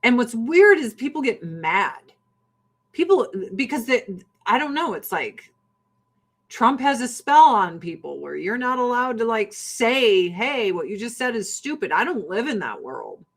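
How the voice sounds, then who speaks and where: A woman's voice: a little high, very animated, a little slow. A woman in a casual political rant, blunt, sarcastic and often profane. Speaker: livestream host.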